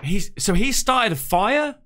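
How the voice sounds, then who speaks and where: A man's voice: high voice, animated, a little slow, sharp tone. A man hosting a reaction video, talking casually and emotionally and swearing often.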